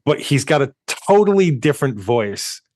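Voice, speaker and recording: A man's voice: medium pitch, sing-song, normal speed, a little mellow, slight background noise. A man co-hosting a movie podcast in casual chat, rambling with many restarts and chuckles. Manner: rambling, restarts often, chuckles while talking. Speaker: podcast co-host.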